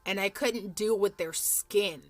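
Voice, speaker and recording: A woman in her thirties vlogs from home, doing her makeup on camera while chatting casually and rambling. Her voice is mid-range and slow-paced, and she swears freely.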